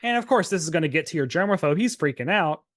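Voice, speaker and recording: A man co-hosting a podcast, recapping a TV episode in casual chat, animated and laughing as he acts out the characters' lines. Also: on the high side, quick pace, dry recording, clean studio sound. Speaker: podcast co-host.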